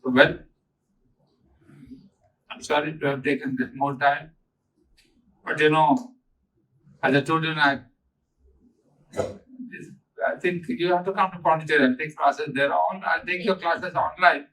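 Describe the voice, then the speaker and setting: A man's voice: on the high side, steady tone, a little slow, long pauses, sharp tone, recorded from a distance, rough recording. An older man giving an earnest spiritual talk to a gathering, stressing points by repeating them. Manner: earnest, emphatic, repeats key phrases. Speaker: spiritual teacher.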